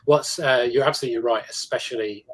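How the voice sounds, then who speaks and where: A British man with a British English accent, a guest actor chatting in a relaxed way. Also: mid-range voice, fast talker, breathy edge, rough recording. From England. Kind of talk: casual roundtable chat.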